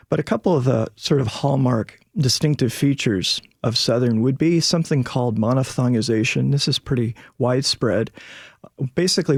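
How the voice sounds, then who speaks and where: A man's voice: mid-range voice, gravelly, breathy edge, no room sound, clean studio sound. A male linguistics professor explaining things in a radio interview, with many fillers.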